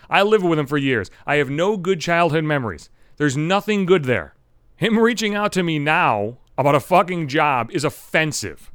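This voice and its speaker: A man's voice: a little high, expressive, normal speed, a bit bright, smooth, no room sound, studio quality. A young adult man hosting a solo podcast, ranting angrily with heavy profanity. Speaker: podcast host.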